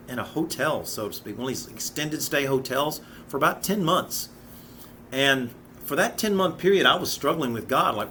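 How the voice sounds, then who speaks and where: A man's voice: mid-range voice, bright, forceful tone, a little hiss or hum. A man in his fifties teaching a Bible study in an earnest, conversational way, often restarting and repeating words. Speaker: Sunday school teacher.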